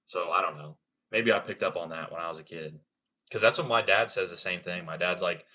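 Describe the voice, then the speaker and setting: A man's voice: low voice, a little fast, sharp tone. A young man from Ohio with a slight country accent, chatting casually on a livestream, laid-back and swearing freely. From Ohio, USA. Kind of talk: casual livestream chat reading comments.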